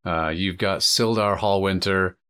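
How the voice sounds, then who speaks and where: Low-voiced man running a tabletop game. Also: steady tone, measured pace, fairly bright tone, clean tone. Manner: loose, vivid storytelling. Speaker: dungeon master.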